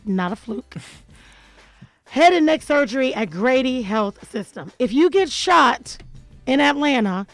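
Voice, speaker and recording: A woman's voice: sits high, lively intonation, a little slow, dry recording, poor audio. Playful woman radio host, dry studio sound. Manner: playful, joking, laughs often. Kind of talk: casual radio chat.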